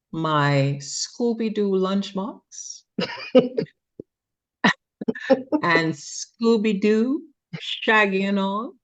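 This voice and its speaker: A woman with a Jamaican accent, co-hosting a talk show and telling lively stories in casual conversation. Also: medium pitch, dull audio. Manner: lively storytelling with laughs. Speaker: co-host.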